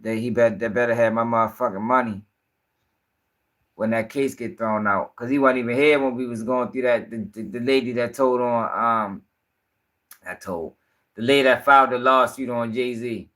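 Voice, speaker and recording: Young male streamer, bright forceful tone, profane and rambling. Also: mid-range voice, fairly even intonation, moderate pace. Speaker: commentary livestream host. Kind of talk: casual livestream commentary.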